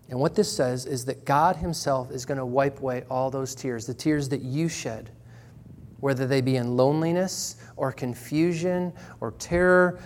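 A man's voice: a little high, darkish tone. Earnest man preaching a sermon. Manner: earnest, measured preaching with slow emphatic pauses. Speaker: pastor. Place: church.

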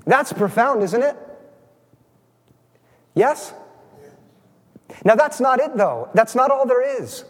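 A male pastor with a high voice delivers a sermon in a church sanctuary. He keeps the congregation involved, checking in with quick questions, and his words ring out with a long reverb through the hall. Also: expressive. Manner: engaging, asks the congregation questions.

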